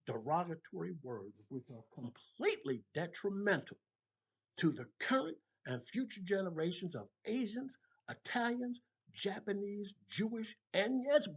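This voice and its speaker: A man's voice: high-pitched, husky. An older man giving an impassioned motivational monologue, emphatic and preacherly, rising to passionate peaks. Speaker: motivational speaker.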